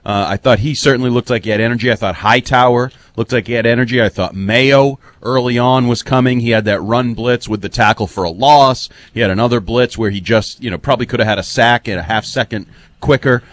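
A man in a radio studio breaks down the game at length, firm and opinionated. His voice sits at an ordinary pitch, and the sound is dry and close. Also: brisk, no room sound. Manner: long-winded, opinionated analysis. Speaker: football analyst. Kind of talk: postgame radio talk.

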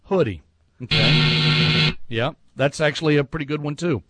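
Playful high-voiced man hosting a quiz. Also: sharp tone, breathy edge, no room sound, soft background music. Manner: playful, teasing, quick to laugh. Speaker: quiz host. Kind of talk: casual radio banter.

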